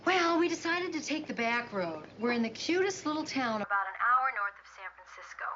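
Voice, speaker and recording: A bubbly, upbeat wife. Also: female voice, on the high side, big pitch swings, brisk, crowd noise. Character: bubbly woman calling home, cheerful. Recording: dull old TV sound with faint noise.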